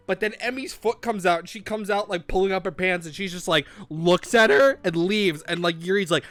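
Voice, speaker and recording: A man's voice: sits high, a little fast, hardly any pauses, fairly bright tone, dry recording. A man hosting a casual comedic podcast, rambling and acting out characters in exaggerated quotes. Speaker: podcast host.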